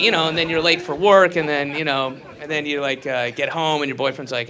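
A grown man doing a crude stand-up routine on a club stage. He rambles through fillers and restarts, then breaks into loud acted outbursts. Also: a little high, fast, few pauses, a crowd in the background, background noise. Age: adult. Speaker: stand-up comedian.

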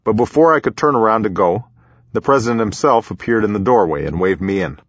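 A man reading his own memoir aloud in a measured, reflective storytelling manner, in a slightly muffled recording. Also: on the low side, lively intonation, dry recording. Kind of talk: audiobook memoir narration.

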